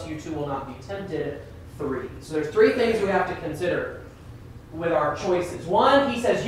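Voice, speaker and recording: High-voiced man preaching in an echoey room. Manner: emphatic, conversational, asks the class questions. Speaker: minister teaching a Bible class. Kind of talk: interactive Bible class sermon. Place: church classroom. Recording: echoey room from far off, faint noise.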